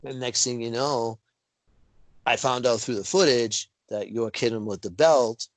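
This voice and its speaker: A man's voice: measured pace, a little hiss or hum, poor audio. A man, a wrestling referee, telling stories in a casual interview over a video call and acting out quotes with big jumps in his voice. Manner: animated storyteller, acts out quotes with big pitch jumps.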